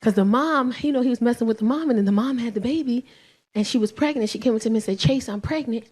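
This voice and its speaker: A woman in her forties doing profane stand-up comedy, telling animated stories with loud shouted bursts. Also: fairly high pitch, quick pace, breathy edge. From Belizean and Nigerian heritage. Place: comedy stage with live audience.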